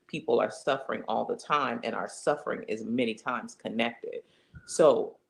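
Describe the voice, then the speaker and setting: Gravelly woman, animated and emphatic. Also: very deep voice. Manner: animated, acts out quoted voices, emphatic. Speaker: interview guest. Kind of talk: conversational interview, inspirational.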